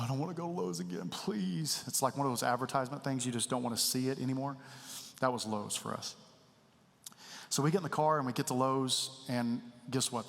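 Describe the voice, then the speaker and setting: A man's voice: mid-range voice, a bit bright. A man, preaching a candid, conversational sermon full of personal stories in a church sanctuary. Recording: church hall reverb.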